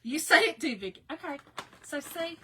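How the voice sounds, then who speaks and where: A woman's voice: high-pitched, lively intonation, moderate pace, bright, forceful tone. A woman with a Southern American accent, chatting casually with viewers on a craft livestream while she works, laughing often and greeting people by name. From Southern United States.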